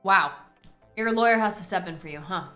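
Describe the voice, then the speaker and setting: Bright-voiced woman judging a game. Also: fairly low pitch. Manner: theatrical, quick swings into loud exclamations. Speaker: streamer playing a courtroom judge game. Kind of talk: playful gaming commentary. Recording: roomy echo with faint music.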